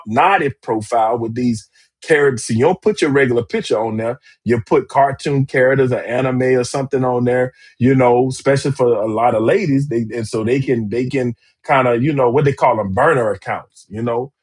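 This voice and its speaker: Husky man hosting a live talk. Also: mid-range voice, moderate pace. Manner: emphatic and repetitive, calling out to viewers. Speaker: relationship podcast host. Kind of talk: live-streamed talk show.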